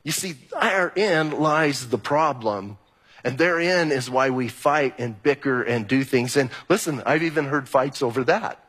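A man's voice: mid-range voice, lively intonation, a little slow, fairly bright tone, breathy edge. A man preaching a sermon as pastor, talking conversationally and repeating key phrases for emphasis. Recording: long hall reverb.

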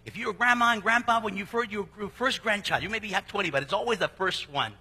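Male pastor, high lively delivery, bright husky tone, preaching sermon-style. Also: fast, big-room sound. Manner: animated preaching with sudden loud and soft swings.

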